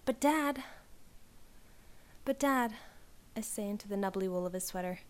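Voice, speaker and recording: Hoarse woman reading with retakes. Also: mid-range voice, normal speed. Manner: reads first-person prose, retakes lines, laughs at her slips. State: hoarse, clearing her throat. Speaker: audiobook reader and author. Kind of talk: story reading with outtakes.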